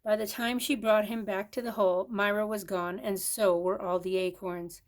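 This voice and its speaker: An older woman, a grandmother, reading a children's picture book aloud with expressive storytelling. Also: medium pitch, normal speed. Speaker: storybook reader.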